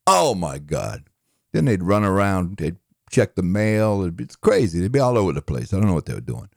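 Man playing a slurring middle-aged boxer, low voice, swooping intonation, dry close sound. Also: sing-song, gravelly, a little mellow, no echo, exaggerated voice. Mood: rambling. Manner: slurred, rambling, halting, self-mocking. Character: mumbling dim-witted middle-aged male boxer, gentle. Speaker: impressionist. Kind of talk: comedic impression monologue.

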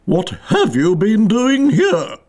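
A man doing a shrill screaming queen. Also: wildly swooping pitch, slow pace, darkish tone, exaggerated voice. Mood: shrill fury. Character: furious shrill tyrannical queen.

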